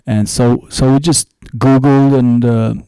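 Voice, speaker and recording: A man's voice: mid-range voice, fairly even intonation, measured pace, dark tone, clean tone, no room sound. Man telling rambling stories, dry sound. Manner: rambling anecdotal storytelling. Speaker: musician guest. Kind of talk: casual interview chat.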